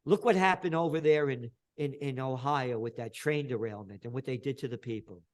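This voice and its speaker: An older man, an interview guest talking in an impassioned, ranting way that swings from low talk to shouting. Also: fairly quick. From the Bronx, New York. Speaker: interview guest, trend forecaster.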